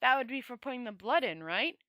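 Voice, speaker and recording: A woman's voice: fairly high pitch, animated, brisk, pushed and bright, no echo, clean studio sound. A woman voicing a nervous, cynical male wizard who gives urgent, worried warnings in a somewhat raised voice. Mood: matter-of-fact.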